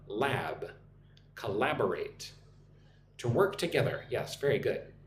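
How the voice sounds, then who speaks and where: A man's voice: mid-range voice, echoey room, a little hiss or hum. An American man hosting a live online English lesson, reading viewer comments and explaining vocabulary and pronunciation. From United States. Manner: drills pronunciation slowly, syllable by syllable. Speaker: English teacher hosting a livestream. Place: home room with a loud air conditioner.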